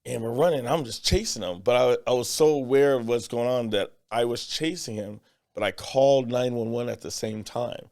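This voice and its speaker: A man tells a story on a podcast, slipping into quoted voices along the way. His voice is gravelly, with a rough fry at the bottom of his words. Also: mid-range voice, moderate pace. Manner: animated storyteller, acts out quotes. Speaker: podcast co-host. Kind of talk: casual chat.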